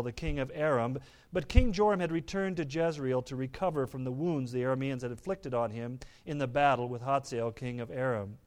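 A man preaching a sermon, reading scripture aloud and explaining it, turning dramatic and loud on the quoted speech. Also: mid-range voice.

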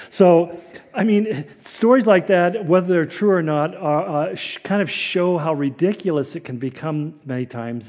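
A man delivers a relaxed, conversational sermon with a folksy, wry touch, laughing lightly at his own asides. His voice sits a little high for a man, with a mellow, soft-edged tone. The sound carries a long, hall-like reverb. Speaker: preacher.

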